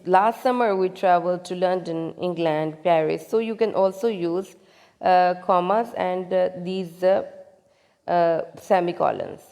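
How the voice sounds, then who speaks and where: A woman's voice: lowish voice, warm tone. Woman teaching grammar in a reverberant hall. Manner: halting, with many restarts and repeated questions to students. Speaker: English teacher. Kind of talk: recorded grammar lecture.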